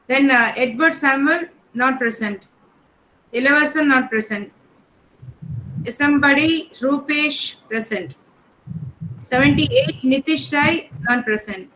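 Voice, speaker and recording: A woman teacher, calling the roll in an online class in a brisk, matter-of-fact way. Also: high-pitched, pushed and bright, poor audio. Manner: reads names one by one in a brisk, matter-of-fact way.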